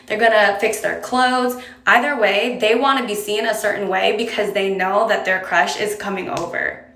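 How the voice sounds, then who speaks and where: A woman's voice: mid-range voice, steady tone, moderate pace, fairly bright tone. A woman giving casual, direct advice to camera in a chatty way, coaxing the listener along. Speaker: advice creator. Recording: roomy echo.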